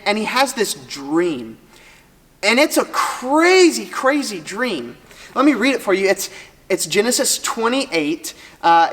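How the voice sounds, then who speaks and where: A teacher retelling a Bible story to students in a casual, lively way with joking asides. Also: mid-range voice. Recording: long hall reverb.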